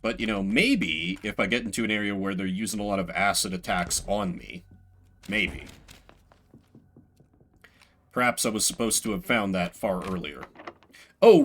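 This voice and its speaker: An animated man narrating his own playthrough in a chatty, self-mocking way. His voice is bright and forward, and it swings widely in pitch. Faint game music plays underneath. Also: unhurried, pauses often. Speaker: streamer playing a horror game. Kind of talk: let's play commentary.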